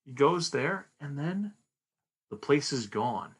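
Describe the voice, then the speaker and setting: A man hosting a podcast, chatting casually as he retells a manga story in an animated way. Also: fairly high pitch, takes it slowly, breathy edge. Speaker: podcast host.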